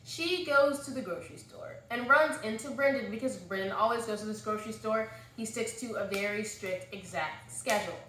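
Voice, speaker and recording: A woman's voice: on the high side, normal speed, hardly any pauses, fairly bright tone, slight background noise. A woman with a Southern US accent chatting casually as she sums up a book, rambling with lots of fillers. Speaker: book vlogger. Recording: echoey room.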